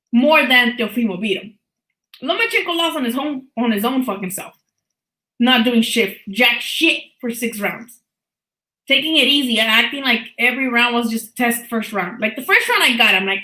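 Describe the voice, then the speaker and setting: A woman in her thirties runs a casual live stream, talking bluntly and with a lot of swearing. Her voice sits fairly high and sounds bright and sharp. The room around her is echoey. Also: moderate pace. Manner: animated, blunt, swears freely, laughs often. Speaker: host of a live boxing talk stream.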